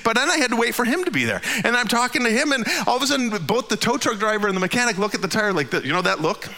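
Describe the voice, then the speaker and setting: A man in his fifties telling a funny personal story, his voice leaping up at the punchlines and sinking low and quiet for the tired asides. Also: very fast, in a large hall. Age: 50s. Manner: animated, jumps high in pitch at the funny parts.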